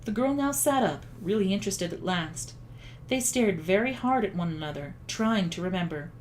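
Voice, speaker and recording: A woman reading a children's story aloud in a calm, even storytelling manner. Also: medium pitch, normal speed, slight background noise. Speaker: audiobook reader. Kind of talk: storybook narration.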